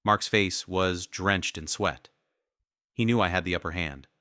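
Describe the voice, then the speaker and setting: A man's voice: low voice, unhurried, bright, forceful tone, no room sound, clean studio sound. A man narrating a first-person revenge story in a cold, menacing manner.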